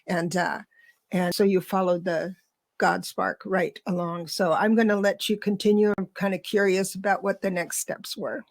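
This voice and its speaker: A woman's voice: medium pitch, flat delivery, normal speed, no echo. A woman hosting a podcast interview, chatty, laughing easily and often restarting sentences as she talks with her guest. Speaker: podcast host. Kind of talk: conversational interview.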